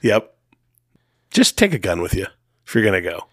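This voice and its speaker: A man's voice: lowish voice, sing-song, moderate pace, a bit bright, no room sound, clean studio sound. A man co-hosting a casual podcast, talking in a laid-back way and telling stories with playful asides. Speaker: podcast co-host.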